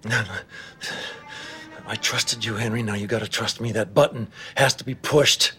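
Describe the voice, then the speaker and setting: A man's voice: on the low side, steady tone, normal speed, sharp tone. An actor playing an urgent, insistent middle-aged man in a TV drama clip. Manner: urgent, pleading. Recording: TV clip with music behind. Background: music.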